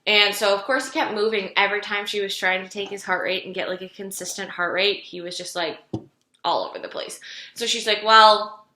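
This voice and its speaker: A woman's voice: medium pitch, brisk, bright, forceful tone. A young woman late in pregnancy, telling her story in a chatty vlog with lots of "like" fillers. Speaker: vlogger. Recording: echoey room.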